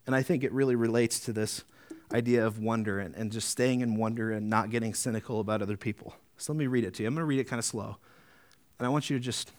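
A man preaching a sermon as pastor, earnest, often adding tag questions, slowing down to read deliberately. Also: medium pitch. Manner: earnest, rising to emphatic peaks, slowing to deliberate reading.

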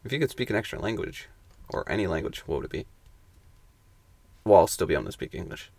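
A man's voice: on the low side, expressive, fast talker, a little mellow, no room sound. A young man co-hosting a casual podcast chat, laid-back with crude jokes. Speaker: podcast co-host.

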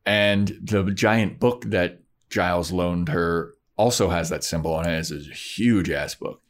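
A man in casual chat, recapping a TV episode and acting out the characters as he retells it. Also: measured pace. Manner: animated retelling, voicing characters with pitch jumps. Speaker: podcast co-host recapping a TV episode.

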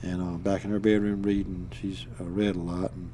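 A man's voice: low-pitched, level tone, moderate pace, dark tone, slight background noise. An older man from Alabama with a Southern accent, telling a story in a folksy, rambling way and chuckling as he goes. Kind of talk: casual storytelling.

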